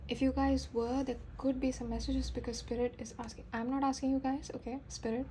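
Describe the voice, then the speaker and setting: Woman tarot reader, voice sitting a bit high, casual and gushing, faint ambience behind. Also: a little fast, slight background noise, poor audio. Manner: chatty, talks straight to viewers, many fillers; excitable, voice rises with enthusiasm. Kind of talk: casual tarot reading to camera.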